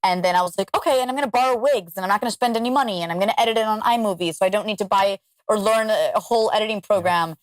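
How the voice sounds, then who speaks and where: A woman guest on a podcast, telling stories in animated, casual chat with quick asides. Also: medium pitch, no echo.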